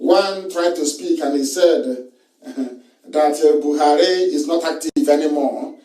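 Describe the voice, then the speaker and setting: A man's voice: on the high side, slow, dark tone. Emphatic Nigerian man, roomy distant mic. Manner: emphatic, repeats phrases, chuckles between lines. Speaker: political broadcaster. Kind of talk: live online broadcast monologue.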